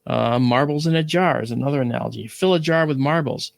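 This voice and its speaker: Gravelly man explaining astronomy casually. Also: medium pitch, fast, no room sound. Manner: explains with analogies, frequent "all right?" check-ins. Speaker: astronomy show host. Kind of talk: casual educational talk.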